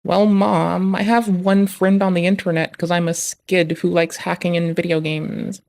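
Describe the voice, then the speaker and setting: A man's voice: high voice, flat delivery, measured pace, gravelly, darkish tone. A man voicing a whiny teenage boy who defends his hacking hobby to his mother.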